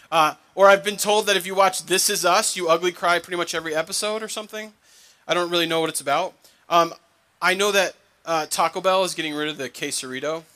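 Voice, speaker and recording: A man's voice: fairly high pitch, bright, forceful tone. A young adult man, a pastor, preaching a conversational sermon with joking asides to his congregation.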